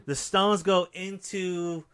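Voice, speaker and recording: A man's voice: sits high, flat delivery, slow pace, a bit bright, smooth. A man co-hosting a podcast, retelling a horror movie plot in a casual, profane way with lots of fillers. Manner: profane, loose storytelling with many fillers. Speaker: podcast co-host.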